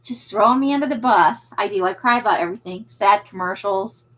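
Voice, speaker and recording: A woman who owns a craft shop chats with viewers on a casual livestream, poking fun at herself and laughing often. Her voice is mid-range and fairly quick, and the recording is rough.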